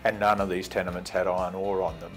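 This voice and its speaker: Low-voiced man, wry recollection. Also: flat delivery, fast talker, fairly bright tone, soft background music. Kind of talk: interview.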